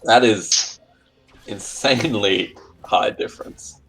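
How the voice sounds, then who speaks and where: A man as color commentator for an esports match, calm and analytical. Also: lowish voice, slow, soft background music, rough recording. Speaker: esports co-caster. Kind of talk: live game commentary.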